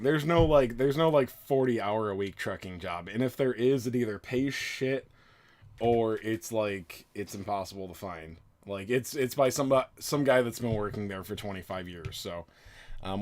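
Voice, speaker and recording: A man's voice: lowish voice, a little mellow. Drunk, rambling man in his thirties. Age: 30s. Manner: rambling, crude and self-mocking, laughing often. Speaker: streamer. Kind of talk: casual chat.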